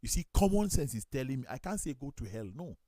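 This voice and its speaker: Lively Nigerian man telling stories. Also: mid-range voice, fast talker. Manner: storytelling, acts out quoted voices, lively. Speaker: talk show host and pastor. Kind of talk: studio talk show chat, telling anecdotes.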